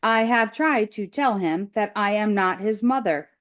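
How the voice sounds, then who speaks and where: A woman's voice: mid-range voice, unhurried, close to an everyday voice. A woman teacher voicing a friendly female robot in a children's read-aloud, speaking politely and formally.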